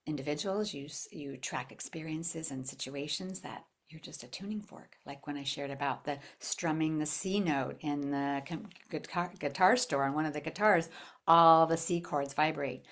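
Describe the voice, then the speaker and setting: Low-voiced woman leading a spiritual workshop. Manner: expressive, acts out quoted voices loudly, drops to whispers for emphasis. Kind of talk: live workshop teaching to a group.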